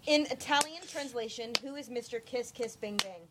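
A woman's voice: fairly high pitch, moderate pace, background noise. A woman acting as quizmaster, reading out trivia questions in casual chat and apologizing readily. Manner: reads questions, apologetic, giggly.

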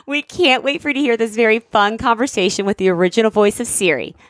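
A bubbly, excitable woman co-hosting an interview podcast who laughs often. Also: on the high side, fast talker. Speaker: podcast co-host.

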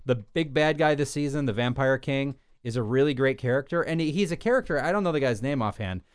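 A man's voice: mid-range voice, expressive, fairly quick, smooth, no room sound, clean studio sound. A man co-hosting a podcast, chatting casually and ranting in an opinionated way. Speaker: podcast co-host. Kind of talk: casual chat.

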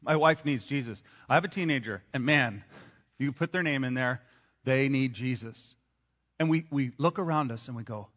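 A man's voice: a little high, animated, brisk, sharp tone, in a large hall, highs cut off. A man preaching a sermon as a pastor, talking in a conversational way with asides to the congregation.

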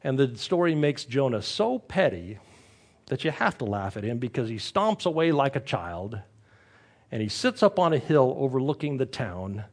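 A man delivers a sermon, retelling the story with animated, wry energy. His voice sits in a middle pitch. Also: moderate pace. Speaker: preacher.

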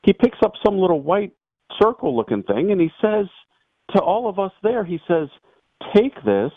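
Lively priest telling a story over a phone line. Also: male voice, high-pitched, moderate pace, dry recording. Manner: animated storyteller, voices the people in his tale. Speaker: priest guest. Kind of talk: storytelling testimony. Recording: tinny dry phone line.

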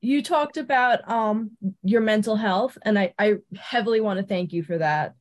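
A woman's voice: mid-range voice, moderate pace. Woman, hockey fan, earnest eager tone, casual chat. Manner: earnest, eager, many ums. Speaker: fan, season ticket holder.

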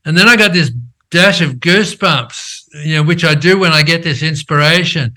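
An older man and company founder, telling his story in an animated, conversational way, checking in with "right?" as he goes. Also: a little high, normal speed. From Australia. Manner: animated storyteller who acts out quoted dialogue, frequent "right?" tags.

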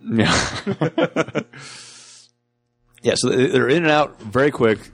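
A man co-hosting a casual movie review podcast, enthusiastic and jokey, acting out scenes in quick bursts. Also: mid-range voice, breathy edge, no room sound, soft background music. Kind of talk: casual chat.

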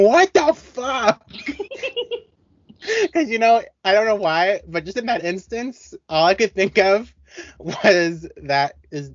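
A man co-hosting a podcast in casual chat, talking in an animated, rambling way with many restarts. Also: a little high, no echo, dull audio. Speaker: podcast co-host.

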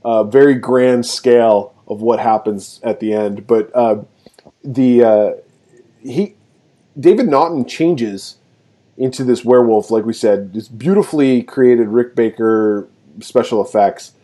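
A man co-hosting a film podcast remotely, retelling scenes with lively quoted voices and frequent laughter. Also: mid-range voice, unhurried. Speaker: podcast co-host. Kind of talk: casual film review chat. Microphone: remote recording.

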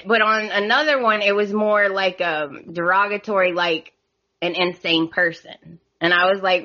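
A woman's voice: mid-range voice, measured pace, sharp tone. A woman with a Southern American accent, a podcast guest chatting casually and giggling, full of "like" and "y'all". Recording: dull lo-fi podcast audio.

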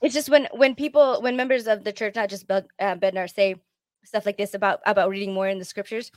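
A woman's voice: medium pitch, steady tone, fairly quick, no echo. A woman on a casual podcast who speaks in a candid, reflective way and sometimes searches for words.

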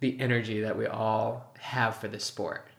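A man's voice: lowish voice, little pitch movement, creaky. A man co-hosting a casual podcast, speaking with enthusiasm about his sport. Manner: enthusiastic, fast-talking. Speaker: podcast co-host. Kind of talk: casual interview chat.

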